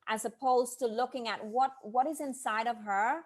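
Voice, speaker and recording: A woman hosting an interview podcast as a brand coach, telling stories with lively quoted asides. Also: on the high side, moderate pace. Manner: animated storyteller, quotes people in lively asides. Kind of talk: casual interview chat.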